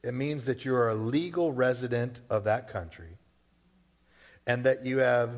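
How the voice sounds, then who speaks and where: A pastor from Massachusetts with a medium-pitched voice preaches at a moderate pace in church, and the recording has a long hall reverb. His sermon is conversational, with rhetorical questions and casual asides.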